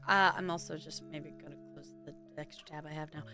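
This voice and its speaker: A woman streamer chats loosely with her viewers, rambling and laughing often. Her voice is bright and sharp but strained and squeaky today. Faint music plays under her. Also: fairly even intonation, fairly quick. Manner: chatty, giggly, rambling. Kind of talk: casual chat with chat viewers.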